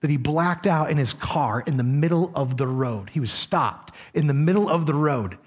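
A man preaching a sermon as a pastor, earnest, dropping low and soft for warnings. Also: expressive, normal speed, slightly rough.

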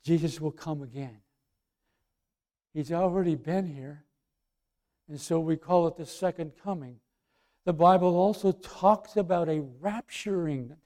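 A male pastor preaching a sermon, swinging from loud emphatic lines to soft quiet asides. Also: a little high, unhurried, long pauses.

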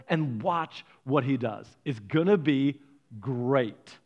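A man pastor preaching a sermon, telling a story with lively, playful asides to the congregation. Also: on the high side, moderate pace, muffled recording.

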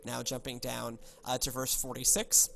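A man's voice: mid-range voice, completely flat delivery, normal speed, creaky, pushed and bright, a little hiss or hum. A man hosting a casual podcast, chatting loosely with many fillers and reading scripture aloud. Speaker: podcast host.

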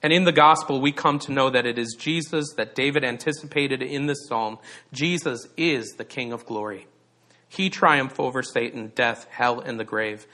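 A man preaching a Sunday sermon with a bright, clear-edged voice. He leans on key words for emphasis and poses rhetorical questions to his listeners. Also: medium pitch, normal speed. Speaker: pastor.

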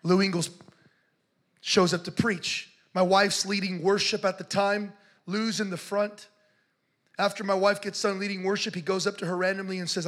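A man telling a story in a sermon, passionate and building to shouts as he preaches. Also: high-pitched, steady tone, moderate pace.

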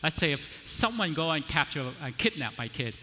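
A male preacher with a bright, forceful, slightly high voice delivers a conversational sermon, often checking in with his listeners. He builds up to emphatic declarations, and his voice rings with a long reverb in a large hall. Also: very animated, moderate pace.

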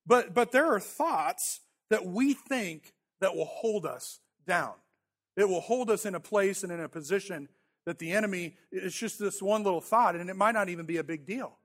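A man in his thirties, a pastor, preaches with a high, fairly bright voice at a moderate pace. He tells a personal story conversationally and self-deprecatingly, often repeating words along the way.

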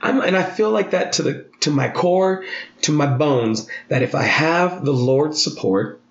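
A man in his thirties talking candidly as a podcast guest, earnest and animated, his voice jumping high for emphasis. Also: a little slow, roomy sound, lo-fi sound.

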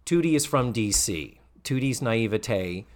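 A man's voice: mid-range voice, lively intonation, unhurried. A man co-hosting a podcast, chatting casually as he recaps a sitcom episode and acts out the characters in exaggerated voices. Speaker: podcast co-host.

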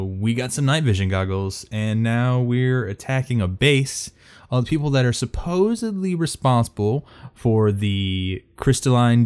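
A man's voice: medium pitch, darkish tone, clean tone. A man hosting a tabletop role-play podcast, joking and rambling as he introduces the players. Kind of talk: casual chat.

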